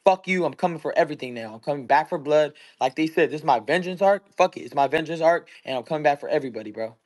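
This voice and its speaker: A man's voice: fairly high pitch, quick pace, a little mellow. A young man in his twenties, a boxer talking bluntly and heatedly in casual chat, swearing constantly. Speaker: boxer guest.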